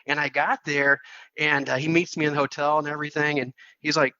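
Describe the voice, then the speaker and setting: Bright-voiced man telling an animated story. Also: on the high side, fast, no echo, lo-fi sound. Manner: repeats words and restarts often, animated retelling. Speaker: podcast guest, accounting firm CEO. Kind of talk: storytelling in a casual interview.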